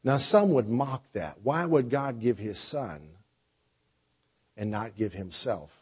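Husky-voiced male preacher. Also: medium pitch, expressive, takes it slowly. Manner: preacher with a dynamic delivery, swinging between soft and loud. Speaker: pastor. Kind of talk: sermon.

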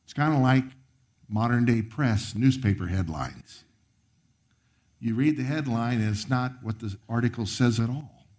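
Preacher swinging from loud to hushed. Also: male voice, measured pace. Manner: preaching with sharp swings of pitch and volume, dropping to a near whisper; reads scripture aloud and comments on it. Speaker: pastor. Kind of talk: sermon.

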